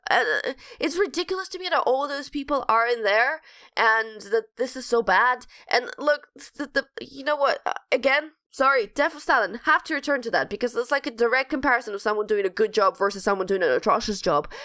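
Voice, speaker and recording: A woman's voice: fairly high pitch, a little fast, pushed and bright. A woman co-hosting a podcast, chatting casually and ranting, rambling with many restarts. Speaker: podcast co-host. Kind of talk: casual chat.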